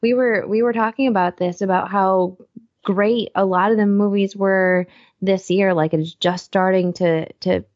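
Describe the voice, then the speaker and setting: A woman's voice: mid-range voice, steady tone, unhurried, a little mellow, no room sound, muffled recording. A woman in her thirties, a co-host chatting casually and acting out her own reactions over a video call. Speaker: podcast co-host. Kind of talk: casual chat.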